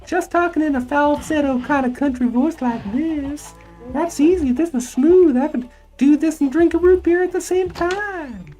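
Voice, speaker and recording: A smooth falsetto country character. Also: male voice, normal speed, dark tone, faint music behind, rough recording. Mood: breezy. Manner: country twang. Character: easygoing male country character.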